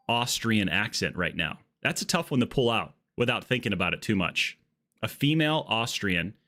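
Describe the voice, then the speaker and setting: A man's voice: fairly low pitch, pushed and bright. Rambling jokey male game streamer. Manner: rambling, jokey, goes off on tangents. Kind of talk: casual live-stream chat while gaming.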